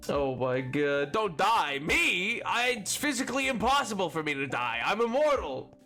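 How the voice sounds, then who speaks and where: A man's voice: sits high, big pitch swings, normal speed, pushed and bright, soft background music. A young man streaming a game, chatting casually and rambling, reading chat aloud with playful indignation.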